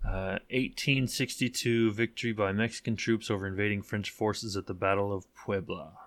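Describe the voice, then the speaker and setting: A man's voice: lowish voice, steady tone, normal speed. A man co-hosting a podcast in casual chat, laid-back, with short replies. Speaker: podcast co-host.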